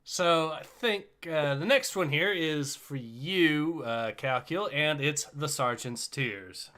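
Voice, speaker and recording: Dude with a bright sharp voice reading a war story, kinda high. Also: male voice, slow. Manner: introduces each story by name. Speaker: livestream co-host. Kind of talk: reading stories aloud and chatting.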